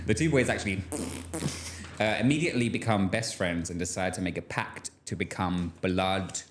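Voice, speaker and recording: A young man co-hosting a casual chat, jokey and laughing often. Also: on the low side. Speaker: podcast co-host.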